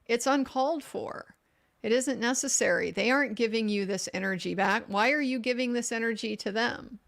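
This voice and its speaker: A woman's voice: on the high side, normal speed, creaky, fairly bright tone. A middle-aged woman hosting a live legal commentary stream, giving frank opinions with frequent restarts. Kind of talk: casual live commentary reading viewer comments.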